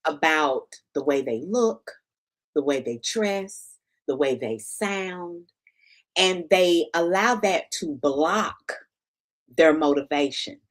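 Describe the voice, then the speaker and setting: A woman's voice: low voice, expressive, slow. A woman hosting a casual interview, affirming her guest with lots of agreement and enthusiasm. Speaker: show host.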